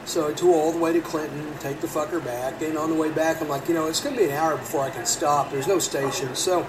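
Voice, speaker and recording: A man's voice: on the high side, fast talker. Profane rambling man telling a story. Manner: rambling, profane, animated when quoting. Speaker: podcast host. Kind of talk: casual storytelling. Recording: distant mic with background noise.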